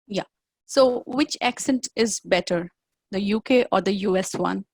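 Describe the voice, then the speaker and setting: A woman's voice: mid-range voice, a little slow. A woman moderating an online webinar, reading participants' questions to the speaker. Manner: reads a question out in full.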